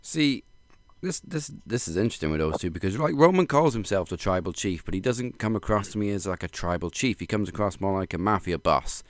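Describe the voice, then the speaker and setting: A man talking wrestling as a guest in casual chat, measured and analytical. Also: low-pitched, expressive, no echo.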